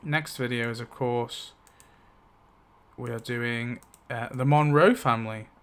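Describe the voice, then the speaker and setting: A man's voice: mid-range voice, fairly even intonation, measured pace, smooth. A man hosting his video, casually narrating a story rewrite decided by dice rolls, rambling with lots of fillers and little chuckles. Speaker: YouTube host.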